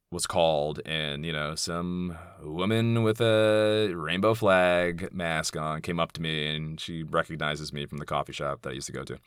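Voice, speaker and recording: A man's voice: rumbling low, bright, forceful tone, clean tone, no room sound, clean studio sound. A man in his thirties hosting a solo podcast, talking candidly and rambling, profane and heated when indignant. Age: 30s. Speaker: podcast host.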